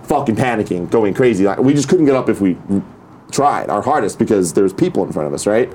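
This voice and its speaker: A young man on a casual morning talk show, telling a story with laughs and acted-out shouts. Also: on the low side, animated, brisk, a little hiss or hum. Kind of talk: casual chat.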